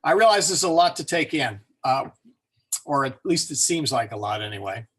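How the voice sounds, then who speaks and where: A man's voice: mid-range voice, slightly rough. Chatty man teaching a language class. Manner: relaxed and chatty, many fillers and self-corrections, joking asides; sounds words out slowly to model them. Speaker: Latin teacher. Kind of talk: informal classroom lesson.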